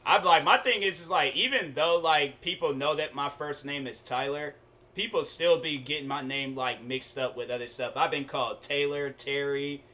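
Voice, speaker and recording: A young man streaming a game, chatting casually with viewers and telling stories in relaxed slang. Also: on the high side, normal speed. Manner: laid-back, chatty, storytelling with slang. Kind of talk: casual gaming stream chat.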